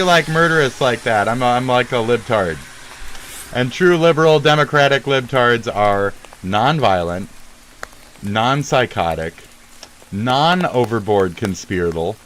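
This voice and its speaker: A man's voice: medium pitch, fairly bright tone. A man delivering an angry, swearing rant as a vlogger, sneering and scornful, outdoors near traffic. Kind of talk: profane ranting monologue.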